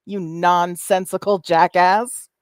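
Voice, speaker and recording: A woman's voice: lowish voice, fairly even intonation, takes it slowly, dry recording, studio quality. A woman hosting a commentary livestream, combative, sarcastic and profane as she answers another streamer. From Canada. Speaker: YouTube commentary host.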